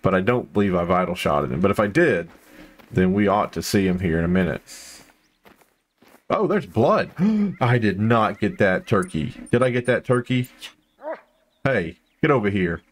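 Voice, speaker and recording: A man with a low voice talks his way through a hunting video game. He rambles with plenty of fillers, then breaks into excited outbursts at each find. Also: moderate pace, slight background noise. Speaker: gameplay commentator. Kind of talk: casual gameplay commentary.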